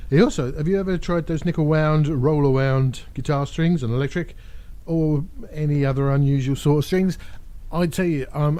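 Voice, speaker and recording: A man's voice: a little high, warm tone. A man hosting a casual Q&A vlog, wandering off topic with jokey, self-mocking asides. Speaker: YouTube host answering viewer questions.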